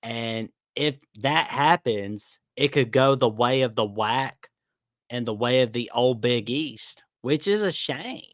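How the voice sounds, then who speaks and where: A man's voice: mid-range voice, lively intonation, slow, dry recording, clean studio sound. A man with a Southern US accent calling in to a sports talk show, talking casually and hesitantly with many fillers. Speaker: caller. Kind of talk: casual chat on a call-in show.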